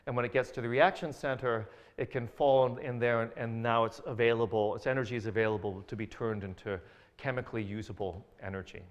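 Hesitant man giving a science lecture. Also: mid-range voice. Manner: hesitant, many fillers and restarts, dry jokes. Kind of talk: academic lecture with slides.

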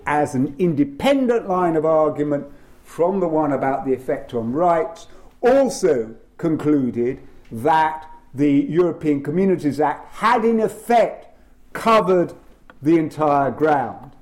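A man speaking on constitutional law at a panel, emphatic and lively, with frequent fillers. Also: a little high, unhurried. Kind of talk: lecture-style panel talk.

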